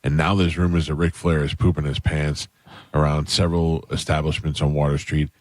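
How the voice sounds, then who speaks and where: A man hosting a radio show, delivering mock-serious, deadpan banter. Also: a bass voice, brisk, no room sound. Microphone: studio microphone. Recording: dry studio sound with faint music.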